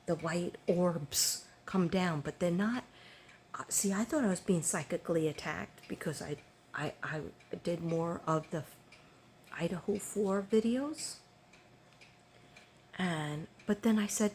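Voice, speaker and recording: A woman's voice: lowish voice, slow, a little mellow, slight background noise. An older woman chatting casually to her viewers, rambling with many ums and restarts. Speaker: vlogger.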